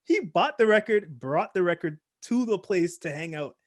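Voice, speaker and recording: A man co-hosting a podcast, chatting casually about movies, animated and laughing often as he acts out scenes. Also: sits high, normal speed. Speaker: podcast co-host. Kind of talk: casual movie review chat.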